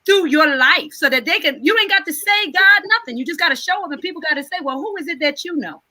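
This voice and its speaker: A woman's voice: high voice, lively intonation, fast talker, pushed and bright. A woman talking in a preaching, sermon-like cadence during a casual podcast chat, emphatic and informal.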